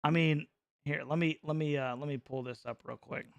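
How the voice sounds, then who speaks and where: A middle-aged man from North Carolina hosting a casual live reaction stream, joking and mocking his chat with excitable banter. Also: fairly high pitch, moderate pace, vocal fry, dry recording, dull audio.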